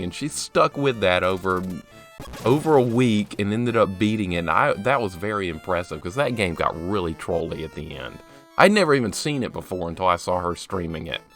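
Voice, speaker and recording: A man with a somewhat low voice talks casually through a live game stream, greeting viewers by name and joking at his own expense. Faint game music plays behind him. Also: fairly bright tone. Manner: chatty, greets viewers by name, self-mocking. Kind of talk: casual live gameplay commentary.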